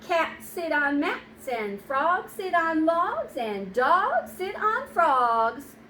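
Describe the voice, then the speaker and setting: A prim storybook cat, as a woman reading aloud plays her, reciting the rules in a high, slow sing-song. The voice rises well above the reader's own and stretches every word. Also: very animated, bright, forceful tone, reverberant, slight background noise, full character voice. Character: prim rule-quoting cat.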